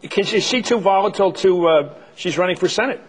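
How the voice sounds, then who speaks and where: A man hosting a TV interview fires off quick, blunt questions and often cuts in on his guest. His voice is husky, and it sits a little higher than most men's. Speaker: talk show host.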